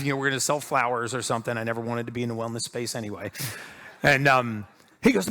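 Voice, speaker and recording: A man tells a story on stage in a bright, forceful voice. He acts out each line of dialogue, lifting his pitch for the people he quotes. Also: fast, gravelly. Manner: animated storyteller acting out quotes. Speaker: speaker. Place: stage before an audience.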